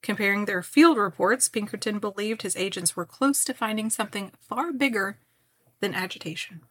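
A woman from Kentucky co-hosting a podcast, reading a history story and breaking into lively chat and laughter. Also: mid-range voice, normal speed. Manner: animated, laughs often. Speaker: podcast co-host.

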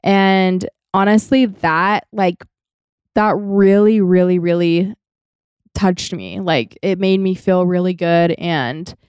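A woman's voice: fairly low pitch, slow, a little mellow, clear, resonant tone, dry recording, clean studio sound. Chatty young woman telling a story. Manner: chatty, many "like" fillers. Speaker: podcast co-host. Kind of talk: casual storytelling chat.

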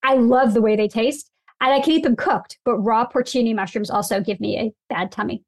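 A woman in casual interview chat, telling food stories with emphatic, animated delivery. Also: a little high, a little fast, no room sound. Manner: emphatic, animated storyteller, laughs often. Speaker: guest.

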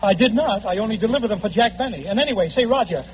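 A man trading eager, fast quips in 1930s radio comedy banter. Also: sits high, lively intonation, slight background noise. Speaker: comedian and guest star. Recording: dull 1939 radio broadcast recording.

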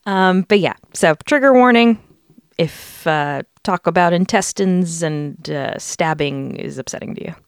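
Measured and clear, her somewhat low voice carries a resonant tone in a dry studio recording. She's an American woman hosting a podcast, casually chatting and narrating research with lots of fillers.

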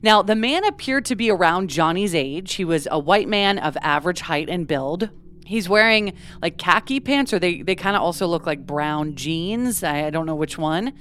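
A woman's voice: lowish voice, animated, moderate pace, fairly bright tone, a little hiss or hum. A woman co-hosting a true crime podcast, recounting events in a casual, conversational way with many fillers. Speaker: podcast co-host.

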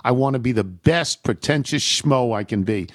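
A man hosts a talk show and reads listener letters aloud. His delivery is wry and amused, in an everyday middle-pitched voice. The sound is close and dry, as in a studio. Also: expressive, moderate pace, no echo. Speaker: radio show host reading listener emails. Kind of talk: reading listener mail aloud with dry humor.

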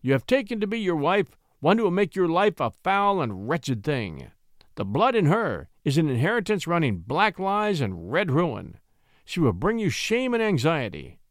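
Contemptuous booming nobleman, put on by a male reader; wide, swooping delivery. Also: big pitch swings, normal speed, no room sound, clean studio sound. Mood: sneering, menacing. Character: arrogant venomous old French nobleman.

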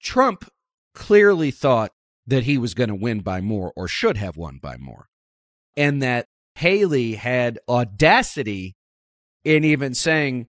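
A man's voice: mid-range voice, sing-song, slow, a bit bright, dry recording, studio quality. A man hosting a podcast, chatting wryly about politics and slipping in quoted asides. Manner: conversational, wry, quotes people in asides. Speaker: podcast host. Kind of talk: casual political chat.

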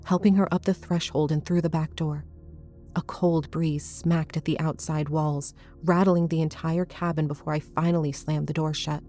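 Low, mellow woman reading a horror story. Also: flat delivery, soft background music. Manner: measured, suspenseful reading. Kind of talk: first-person horror story narration.

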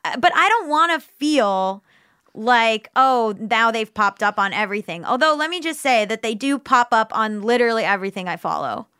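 A young adult woman co-hosting a chat podcast, telling animated stories that break into laughter. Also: on the high side, normal speed, clean tone, no echo, clean studio sound. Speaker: podcast co-host. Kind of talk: casual chat.

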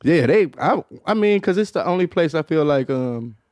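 Lively, crude-talking male podcast host. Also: on the high side, moderate pace, dry recording, studio quality. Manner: profane, animated storytelling. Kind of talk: casual comedic chat.

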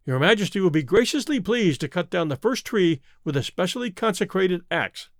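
An obsequious court chamberlain, fawning and easily flustered, as a male narrator puts him on. His pleas climb high and wander in pitch. The recording is close and dry. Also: animated, a little fast, dry recording. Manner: fawning, wailing.

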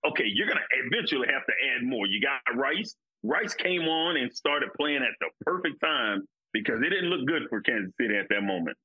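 A man's voice: medium pitch, big pitch swings, fairly quick, hardly any pauses, breathy edge, narrow, tinny audio. A man co-hosting a casual sports podcast, talking emphatically and repeating his points. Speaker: podcast co-host, former football player.

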